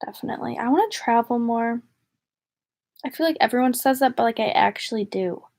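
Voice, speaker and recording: Chatty young woman vlogger, slightly high. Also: brisk, vocal fry, darkish tone. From northern United States. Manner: chatty, rambling, giggly. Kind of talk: casual livestream chat.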